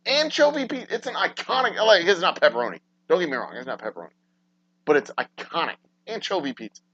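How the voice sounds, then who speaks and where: A man hosting a casual livestream talk show, swearing freely and swinging between low, mumbled asides and loud, exasperated rants. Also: very animated, fast. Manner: profane, ranting, swings from mumbling to loud outbursts. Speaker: podcast host. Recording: dry, dull lo-fi sound.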